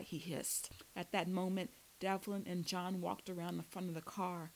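A woman reading a first-person novel aloud as an audiobook narrator, with steady storytelling delivery. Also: on the low side, moderate pace, a little hiss or hum, low-quality recording.

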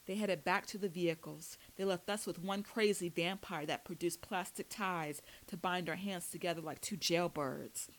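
Lady reading a first-person audiobook, steady storytelling, kinda low voice. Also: moderate pace, few pauses, low-quality recording. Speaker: audiobook narrator.

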